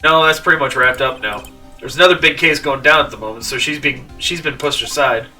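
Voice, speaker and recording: A man's voice: mid-range voice, a little fast, bright, forceful tone. A man voicing an eager, earnest police detective who talks in a pleading, buddy-like way, reading game dialogue aloud. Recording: distant mic with game music.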